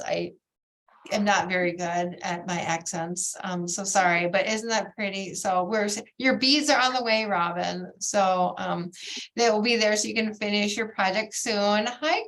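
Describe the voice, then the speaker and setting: A woman hosting a bead society's video meeting, bubbly and gushing, with lots of excited exclamations. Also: medium pitch, a little slow. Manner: bubbly, gushing, keeps saying "oh my gosh". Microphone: video call.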